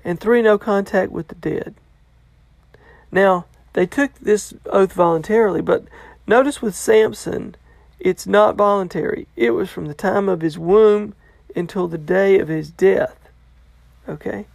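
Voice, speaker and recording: Speaking a little slowly in a mid-range voice that is slightly mellow and carries vocal fry, a Bible study teacher casually walks through a passage and paraphrases a commentator. The delivery is loose, with frequent "okay?" check-ins, and there's no echo.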